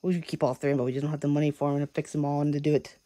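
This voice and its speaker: A woman vlogger rambles along quickly in a mellow, low-ish voice. She sounds casual and chatty, recorded on a handheld camera at home. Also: level tone. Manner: rambling, chatty, talks to her cats. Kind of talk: casual vlog chat.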